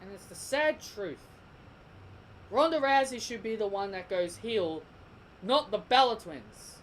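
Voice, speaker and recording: A young Australian man rants as a wrestling vlogger, heated and opinionated, repeating himself and stumbling into restarts. His voice is high and expressive, a little slow and slightly bright. The recording is rough, with a faint hiss or hum.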